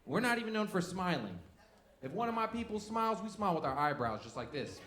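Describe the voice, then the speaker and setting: A man's voice: high-pitched, sing-song, fast, a bit bright. A young male stand-up comedian from a Serbian family, doing a brash, profane set on a club stage. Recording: echoey club with crowd laughter.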